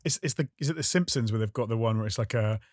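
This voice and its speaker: A man co-hosting a casual podcast, throwing in quick jokes. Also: medium pitch, a little mellow, no room sound, studio quality. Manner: quick joking interjections. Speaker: podcast co-host.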